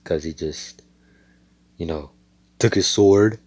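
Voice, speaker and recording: Guy rambling through a fan story, swearing a lot, low dark voice, dry sound. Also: slow pace, breathy edge, no echo. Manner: rambling, slangy, heavy swearing. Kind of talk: casual spoken retelling.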